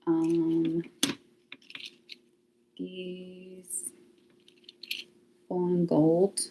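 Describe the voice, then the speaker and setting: Her voice is fairly low and warm, completely flat in delivery, with drawn-out words and slight background noise. She's a livestream host chatting casually with viewers from home by the laundry closet, thinking aloud and laughing frequently.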